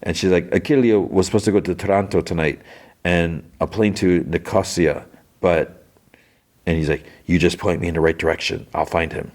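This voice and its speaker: A young man hosting a podcast, casually retelling TV scenes and slipping into quick character voices with lots of "he's like". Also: low voice, steady tone, darkish tone. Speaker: podcast host recapping a TV episode.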